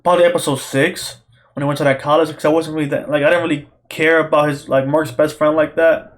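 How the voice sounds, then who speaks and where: A young man giving an excited, profane, rambling solo review, like a podcast host talking straight to his viewers. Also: a little high, fast talker. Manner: excited, profane, repetitive slang-heavy talk.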